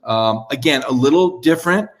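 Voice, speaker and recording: A man's voice: mid-range voice, animated, brisk. A man hosting a live sports show, wrapping up with a chatty, rambling monologue full of fillers and restarts.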